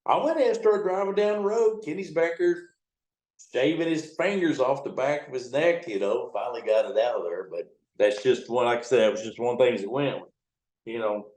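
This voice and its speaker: A man's voice: mid-range voice, moderate pace, darkish tone. A middle-aged man, a riverboat captain, telling blunt, profane, rambling stories in a casual interview. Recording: echoey room.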